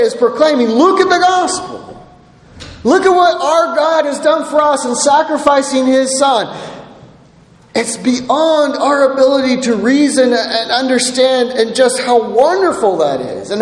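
A man preaching a sermon, earnestly reading scripture and often checking in with "right?". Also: very high-pitched. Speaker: pastor. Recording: echoey hall with long reverb.

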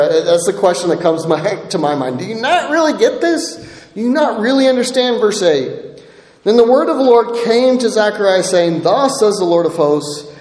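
A man's voice: high voice, darkish tone. A man preaching a sermon, reading scripture aloud and pressing his listeners with rhetorical questions, often adding "right?". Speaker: pastor. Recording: echoey hall with long reverb.

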